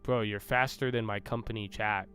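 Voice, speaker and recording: A man's voice: lowish voice, steady tone, moderate pace, a bit bright, faint music behind. A young man hosting a live trading stream, bragging and bantering with his chat in a loose, cocky way. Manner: boastful, banters with chat, swears. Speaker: livestream host. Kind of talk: casual livestream chat.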